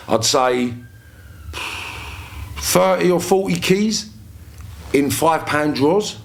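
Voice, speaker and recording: A man with a London accent, a podcast guest telling stories in a lively, swearing, casual way and acting out what people said. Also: fairly high pitch. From London, England. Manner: animated storyteller, swears freely, acts out quoted speech. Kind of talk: casual storytelling interview.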